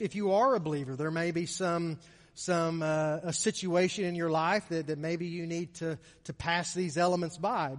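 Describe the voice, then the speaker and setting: A man preaching a communion sermon in a church, often repeating words and swinging from loud to soft. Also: a little high, in a large hall. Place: church sanctuary.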